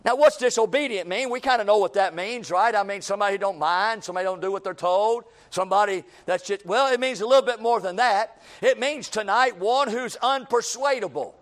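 A man's voice: high voice, a little fast, few pauses. A man preaching a sermon, folksy and repetitive, building to emphatic calls and acting out everyday scenes.

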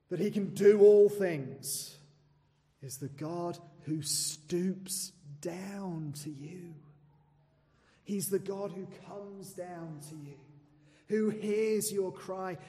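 A man preaching a sermon, earnest and questioning his listeners, sometimes dropping to a soft near-whisper and sometimes rising to loud emphasis. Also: high-pitched. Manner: swings between soft, dropped phrases and loud, emphatic ones. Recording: long reverb of a large hall.

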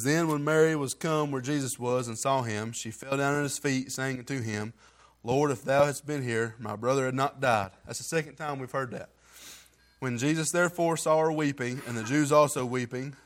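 A man's voice: medium pitch, moderate pace. A man reading scripture aloud and giving an earnest, heartfelt testimony in plain everyday grammar. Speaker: church member giving testimony.

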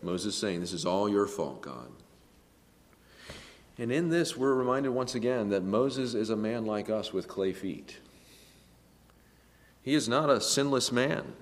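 A man preaching a sermon, emphatic, swinging between a hushed voice and a raised one. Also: medium pitch, lively intonation, measured pace, in a large hall. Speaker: pastor.

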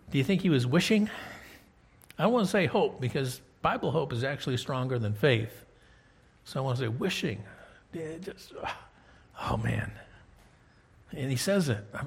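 A male preacher with a husky, somewhat raised voice, walking his listeners through scripture. He reads a verse, then breaks off to chat and ask them questions. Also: fairly high pitch, expressive, moderate pace, pauses often. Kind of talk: conversational Bible teaching.

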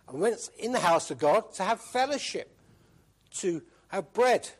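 A man preaching a sermon in a fairly high voice. He is emphatic, comes back to key phrases again and again, and asks the listeners rhetorical questions.

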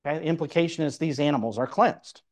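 A man's voice: on the high side, quick pace. A man preaching, explaining a Bible passage verse by verse and reading scripture aloud. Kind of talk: Bible teaching sermon.

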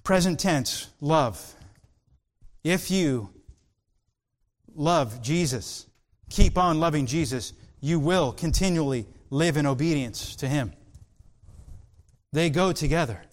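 Slow, earnest male preacher. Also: on the high side, animated. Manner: earnest, emphatic, with slow drawn-out stresses. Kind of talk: sermon.

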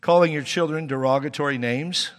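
A pastor preaching in a relaxed, talky way, breaking into humor and then rising into emphatic points. His voice sits a little high and rings bright and forceful. It carries the long reverb of a large church hall. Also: fairly quick. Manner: conversational preaching with humor and sudden emphatic rises. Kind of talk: sermon.

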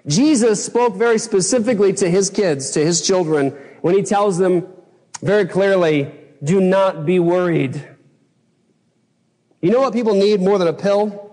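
A male pastor, his voice a bit high for a man and a little mellow, preaches an impassioned sermon at normal speed. He leaps up and raises his voice when replaying his own past outbursts, and the church sanctuary gives a long, trailing reverb.

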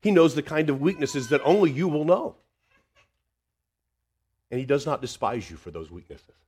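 A man preaching a sermon, swinging between loud emphasis and hushed tenderness. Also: a little high, sing-song, moderate pace, husky.

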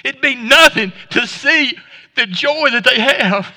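Lively, bright-voiced pastor preaching. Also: male voice, extremely high pitch, takes it slowly, long reverb tail. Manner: conversational, folksy preaching with stammered restarts. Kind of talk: sermon. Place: church sanctuary.

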